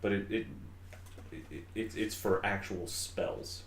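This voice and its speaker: A man's voice: fairly low pitch, fairly even intonation, unhurried, slight background noise. A man playing a tabletop role-playing game, chatty and upbeat, sometimes stammering. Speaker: player. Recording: echoey room.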